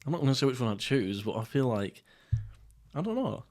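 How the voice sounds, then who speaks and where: A young man from England hosting a casual solo podcast while eating, rambling through jokey, crude, deadpan stories. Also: mid-range voice, a little fast. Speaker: podcast host. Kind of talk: casual solo mukbang chat.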